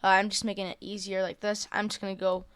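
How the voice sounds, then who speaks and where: Young woman, tutorial voice-over, smooth clear tone, dry close sound, casual, lots of ums. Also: mid-range voice, completely flat delivery, quick pace, fairly bright tone, no room sound. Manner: casual, hesitant, many fillers and self-corrections. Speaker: tutorial creator. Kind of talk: screen-recorded software tutorial.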